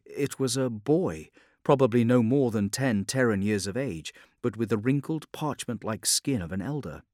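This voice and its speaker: A man narrating a science fiction audiobook in a measured, grave storytelling manner. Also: medium pitch, a little mellow, no room sound, studio quality. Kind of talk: scripted dramatic narration.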